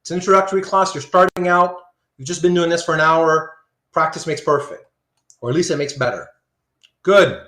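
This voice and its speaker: A man teaching an online philosophy class, animated and often checking in with "right?". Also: fairly high pitch, brisk, roomy sound. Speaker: philosophy lecturer.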